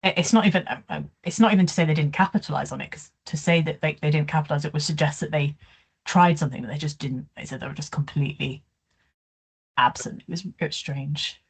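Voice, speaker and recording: A woman's voice: sits low, fast, gravelly, husky. A woman co-hosting a sports podcast, chatting casually and thinking aloud as she weighs up each point. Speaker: podcast co-host.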